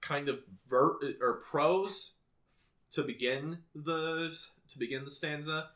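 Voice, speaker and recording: A man's voice: fairly high pitch, fairly even intonation, slow, sharp tone. A young man co-hosting a podcast in casual chat, bookish and rambling, often restarting his sentences. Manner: reads poetry aloud. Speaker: podcast co-host.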